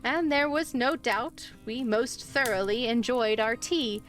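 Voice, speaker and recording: A woman reading a spooky story aloud on a live stream, expressive in how she voices the dialogue. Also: a little high, unhurried. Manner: expressive, lively voicing of dialogue. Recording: faint music behind.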